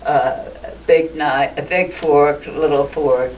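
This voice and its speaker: In a slow, low-pitched voice with a steady, darkish tone, an older woman recounts stories in a casual group interview. She's a ballooning pioneer who chats and laughs often, recorded from a distant mic with faint noise.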